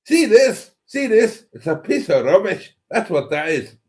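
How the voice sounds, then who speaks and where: A man's voice: high voice, sing-song, unhurried, voice pushed up. A man putting on an outraged Scottish bloke. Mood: indignant.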